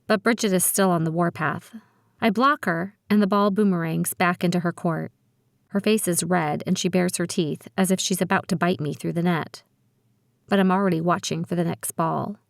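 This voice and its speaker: A woman reading a teen spy thriller audiobook aloud in the first person, with brisk, expressive storytelling. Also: fairly low pitch, vocal fry, no echo, clean studio sound. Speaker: audiobook narrator. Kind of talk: first-person scripted narration.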